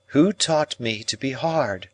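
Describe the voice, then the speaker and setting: A man reading an audiobook voices a cold, proud young woman with a measured, coolly reasoning delivery. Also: mid-range voice, pitched above the performer's own voice, natural voice.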